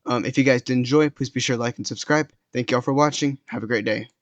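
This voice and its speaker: A man's voice: medium pitch, fast talker, muffled recording, a crowd in the background. A young man telling a story casually, rambling, with lots of fillers and restarts. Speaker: storytime vlogger.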